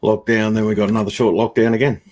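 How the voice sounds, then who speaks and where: A man joins a casual online chat, speaking in a lowish voice. He answers in a dry, joking way. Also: flat delivery, fast, a little mellow. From Australia. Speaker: live chat guest.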